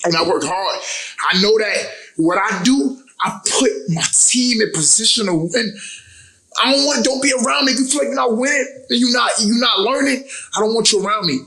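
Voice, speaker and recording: A man's voice: extremely high pitch, fairly quick, pushed and bright, echoey room, low-quality recording. A young adult man, a recording artist as interview guest, talking casually and emotionally, often repeating his phrases.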